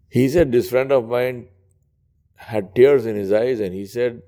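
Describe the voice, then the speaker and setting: A man preaching in a conversational storytelling way, retelling an old tale with lively quoted dialogue. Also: unhurried, pauses often. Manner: conversational, rising high when quoting characters. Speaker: Islamic preacher. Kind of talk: storytelling sermon.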